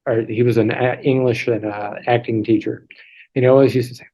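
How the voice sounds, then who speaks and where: A man's voice: medium pitch, level tone, a little fast, dark tone, muffled recording. Guest, male, 30s: loose, joking, talks in restarts and asides; video-call sound. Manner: chatty, self-deprecating, many restarts and asides. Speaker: interview guest. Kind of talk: casual storytelling over a video call.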